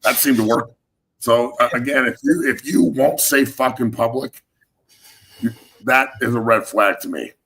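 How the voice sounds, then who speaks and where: A man's voice: mid-range voice, measured pace, vocal fry, a bit bright. A man hosting sports talk, a former football player who speaks bluntly and curses constantly in a rambling way. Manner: blunt, heavily profane, rambling.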